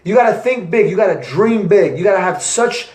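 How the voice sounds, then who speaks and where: A young man, an entrepreneur, giving an energetic motivational talk to camera with repetitive, punchy phrasing. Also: high-pitched, fairly quick, a little hiss or hum. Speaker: entrepreneur vlogger. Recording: echoey room.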